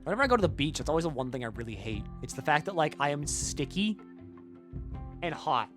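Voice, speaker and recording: Lively man streaming a game. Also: on the high side, quick pace, music in the background. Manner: chatty, answers chat, swears casually. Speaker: gaming streamer. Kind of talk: casual live-stream commentary.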